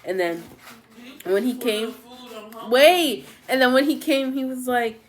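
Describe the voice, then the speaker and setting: A woman's voice: high-pitched, lively intonation, takes it slowly. A young woman chatting casually to her camera at home, gushing about a book with lots of "like" and "literally.". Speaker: vlogger.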